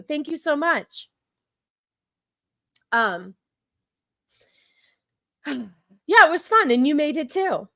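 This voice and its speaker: Woman host reacting to chat on a stream, slightly high, dry close recording. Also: sing-song, very slow, pauses often, a bit bright, no room sound. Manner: talks back to chat, many fillers and repeats. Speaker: livestream host. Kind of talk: casual livestream commentary.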